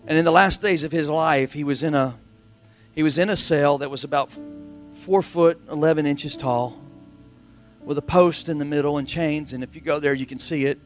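A middle-aged man preaching a sermon as pastor, driving points home with emphatic repetition and swings from hushed to loud. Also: a little high, moderate pace, soft background music.

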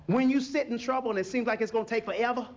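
A man preaching a sermon in an animated, folksy call-and-response style. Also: extremely high pitch, very fast. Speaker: pastor.

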